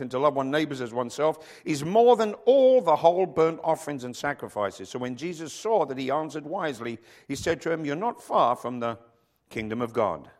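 A middle-aged male pastor preaching a sermon, reading scripture and telling jokey stories with loud acted quotes. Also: a little high. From rugby-playing country, emigrated to Africa.

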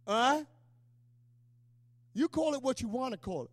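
Middle-aged male pastor, very high-pitched, emotional conversational sermon delivery, dry close recording. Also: lively intonation, moderate pace, dry recording. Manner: emotional, conversational preaching with call-and-response asides.

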